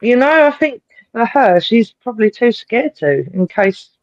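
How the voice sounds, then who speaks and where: A man's voice: very high-pitched, expressive, unhurried, no room sound, muffled recording. A man co-hosting a casual podcast, chuckling and jumping in loosely. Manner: chuckling, loose, interjects often. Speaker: podcast co-host. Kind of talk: casual chat.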